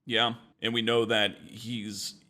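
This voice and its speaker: A man co-hosting a casual video game podcast, talking through a walkthrough in a laid-back way, chuckling often and getting animated when he jokes. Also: lowish voice, slow pace. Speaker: podcast co-host.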